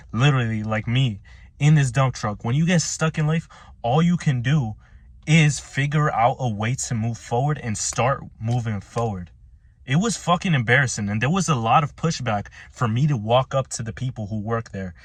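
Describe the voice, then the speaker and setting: A man's voice: mid-range voice, dry recording. Blunt, profane young man telling a story. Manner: blunt, profane, slangy, with frequent restarts. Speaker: vlogger telling a work story. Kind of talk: casual storytelling to camera.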